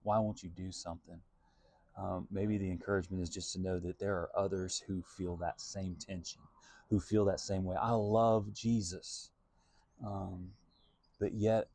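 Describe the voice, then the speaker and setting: A man's voice: low voice, steady tone, a little slow, warm tone, dry recording. A man, a Christian singer-songwriter, giving an earnest, reflective devotional talk and thinking aloud as he goes.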